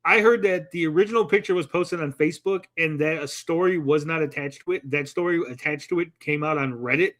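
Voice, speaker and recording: A man's voice: a little high, fairly bright tone. A man co-hosting a livestream chat, rambling with many "like" fillers and acting out quoted people as he tells stories. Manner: acts out people in quick quoted voices. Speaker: podcast co-host.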